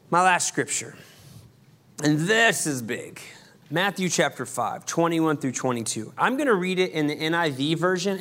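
A man preaching a sermon as pastor, conversational with quick asides and emphatic repetition. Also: sits high, a bit bright.

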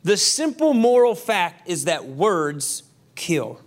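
A man preaching a sermon as pastor, conversational with quick asides and emphatic repetition. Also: sits high, sing-song.

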